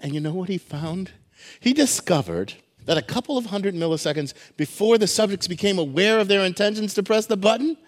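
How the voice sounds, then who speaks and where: A man co-hosting a radio show, arguing philosophy eagerly and stumbling over restarts when he is excited. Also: high-pitched. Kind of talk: philosophical debate.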